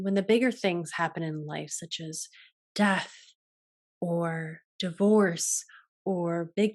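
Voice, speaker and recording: A woman hosting a reflective solo talk as a yoga teacher, soft-spoken and gentle, often trailing off and restarting her sentences. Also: mid-range voice. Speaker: podcast host and yoga teacher.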